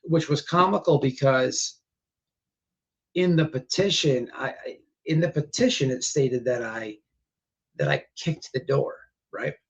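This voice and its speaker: A man hosting a casual livestream chat, rambling with many restarts, his voice going hoarse. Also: mid-range voice, a little slow. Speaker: livestream host. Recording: dull lo-fi stream audio.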